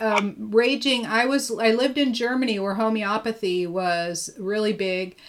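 A woman's voice: medium pitch, fairly bright tone. A woman hosting a casual live interview, chatty and enthusiastic, often laughing. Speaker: host.

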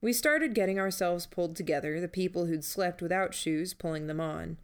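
A woman narrating a first-person novel in a measured, steady reading. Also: lowish voice, smooth. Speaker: audiobook narrator.

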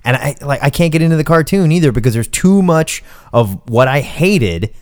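Animated man on a comics podcast. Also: a little high, moderate pace. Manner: animated, emphatic, sarcastic. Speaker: podcast co-host. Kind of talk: casual comics news chat.

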